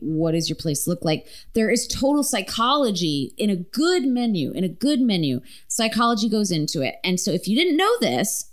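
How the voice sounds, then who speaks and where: A woman hosting a podcast in casual chat, talkative and swearing freely with lots of fillers. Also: mid-range voice. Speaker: podcast host.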